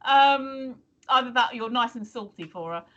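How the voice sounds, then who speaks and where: A woman's voice: on the high side, lively intonation, moderate pace, a bit bright, highs cut off. An older woman co-hosting a casual livestream chat, rambling with many hesitations. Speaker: co-host.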